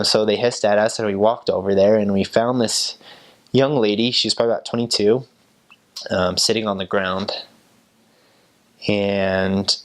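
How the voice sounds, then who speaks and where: A young American man, a former missionary, telling stories in a relaxed, rambling way. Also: lowish voice, gravelly. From United States. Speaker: returned missionary. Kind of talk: casual storytelling.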